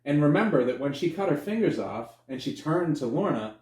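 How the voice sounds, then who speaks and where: A man co-hosting a podcast, chatting casually about a movie and acting out scenes with sudden high yelps. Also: a little fast. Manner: animated retelling, acts out characters with sudden high yelps, swears freely. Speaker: podcast co-host. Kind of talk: casual movie review chat. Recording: echoey room.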